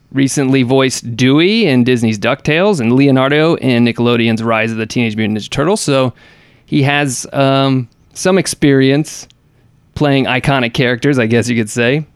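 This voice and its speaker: Gravelly man rambling through gaming news. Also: mid-range voice, no echo. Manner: rambling, hesitant, many fillers and restarts. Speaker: podcast co-host. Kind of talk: casual gaming news chat.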